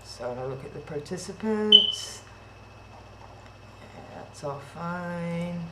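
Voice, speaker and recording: A woman's voice: on the low side, lively intonation, takes it slowly. A woman hosting a live-streamed online event, chatty and flustered as she talks through technical trouble on a video call. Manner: chatty, flustered, thinks aloud with restarts. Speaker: event host. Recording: roomy echo, faint noise.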